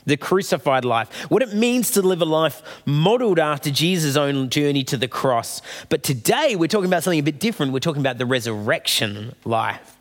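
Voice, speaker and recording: Man, sermon, conversational storytelling, higher voice, reverberant hall. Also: expressive, fairly quick. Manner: conversational storytelling preaching, voices quoted figures. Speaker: preacher.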